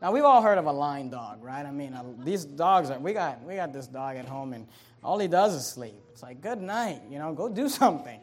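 A male pastor preaching a sermon, slowing and rising on key phrases, with chatty asides and repeated verse references. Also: medium pitch, lively intonation. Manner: emphatic preaching, slows and rises on key phrases.

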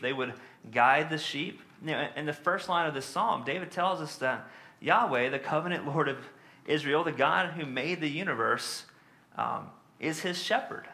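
A man's voice: a little high, bright, forceful tone. A man preaching a sermon in a conversational teaching manner, with frequent fillers and tag questions.

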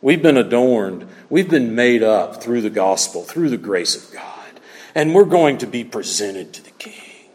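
A man preaching a sermon as a pastor, expressive, acting out small everyday scenes as he teaches. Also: medium pitch, measured pace. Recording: reverberant hall.

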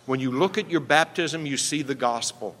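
A man's voice: mid-range voice, normal speed, fairly bright tone. A male pastor preaching a sermon emphatically, often checking in with "right?". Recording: long reverb from a hall.

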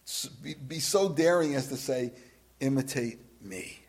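A man preaching a sermon as a pastor, swinging from loud emphasis to hushed, drawn-out words and asking his listeners direct questions. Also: on the high side. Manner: asks the congregation direct questions.

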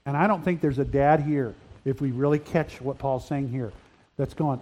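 An older man preaching a sermon, earnest, rising to loud emphatic peaks. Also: medium pitch, steady tone, normal speed. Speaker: pastor. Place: church hall.

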